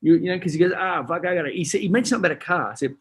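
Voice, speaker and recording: Australian guy, rapid-fire husky storyteller, cusses and does the voices. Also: high-pitched. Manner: animated, swears freely, acts out voices in his stories. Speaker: guest, retired boxer. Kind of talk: casual storytelling.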